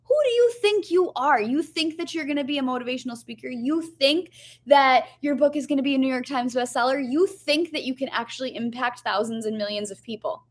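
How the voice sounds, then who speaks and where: A woman voicing a scornful inner critic. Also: high voice. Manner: taunting, rapid-fire questions.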